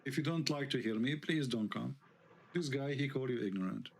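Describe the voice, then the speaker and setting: Heated guy w/ tinged ranting on his online show, keeps firing questions, mid-pitch voice. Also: fairly quick, creaky. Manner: heated, indignant, rhetorical questions. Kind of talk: live online debate talk.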